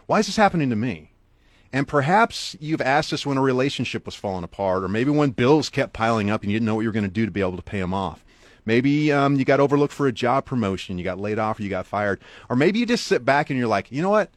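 Fast and with lively intonation, a middle-aged guest speaker and author tells an uplifting story on a dry recording. He speaks earnestly and directly to the listener, with wide swings in pitch and volume to drive points home.

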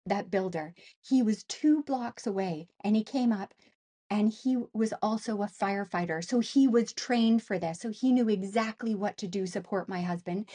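This interview guest is a middle-aged Canadian woman whose medium-pitched voice has a breathy edge. She tells an emotional personal story animatedly, full of fillers and acted-out voices.

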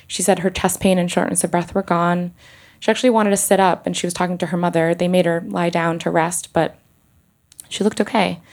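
A woman doctor telling a personal story on stage, halting and emotional, with many restarts and pauses. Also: on the low side, level tone, a little mellow.

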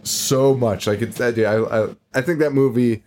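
A young man co-hosting a podcast, recapping a movie in casual chat, animated and profane, laughing often and acting out quotes. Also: medium pitch, normal speed. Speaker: podcast co-host.

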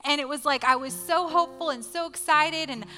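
A woman pastor in her thirties preaches with a bright, clear, fairly high voice, telling personal stories in an earnest, emotional way. Her voice rings out in a large reverberant church hall while soft music plays underneath. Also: a little fast. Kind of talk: sermon.

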